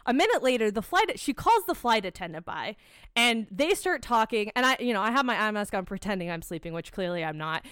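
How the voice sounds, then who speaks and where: A woman's voice: medium pitch, big pitch swings, fairly quick, fairly bright tone, smooth, no echo, clean studio sound. A young American woman, co-hosting a podcast, tells a heated, profane story in casual chat. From United States. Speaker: podcast co-host.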